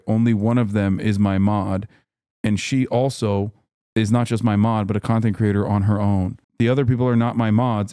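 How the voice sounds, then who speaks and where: Smooth-voiced man in a profane rant. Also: on the low side, mellow, no room sound, studio quality. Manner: heated, profane, incredulous ranting; reads news articles aloud between remarks. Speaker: streamer. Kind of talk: livestream reaction commentary.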